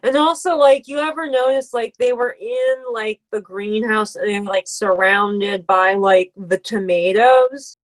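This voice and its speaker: A woman co-hosting a podcast, chatting casually about an anime with lots of fillers. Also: medium pitch. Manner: laid-back, drawn-out remarks full of fillers. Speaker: podcast co-host. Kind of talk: casual recap chat.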